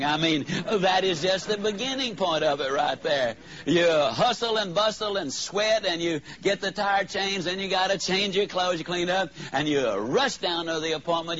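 A man giving a motivational speech to a live audience, telling a story with drawn-out, emphatic punchlines. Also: high-pitched, a bit bright. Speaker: motivational speaker. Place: in front of an audience. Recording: slightly dull, faint background hiss.

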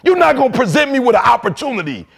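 A man in his forties from Detroit, giving a fiery motivational speech full of street slang and loud shouted bursts. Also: extremely high pitch, very animated, racing, gravelly, husky. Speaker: motivational speaker.

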